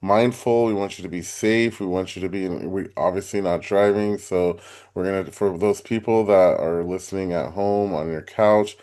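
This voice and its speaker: A man co-hosting a self-help podcast, talking earnestly and encouragingly, slowing and softening his voice to lead a breathing exercise. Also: sits low, fairly even intonation. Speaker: podcast co-host, life advisor. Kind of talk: casual podcast chat with guided breathing.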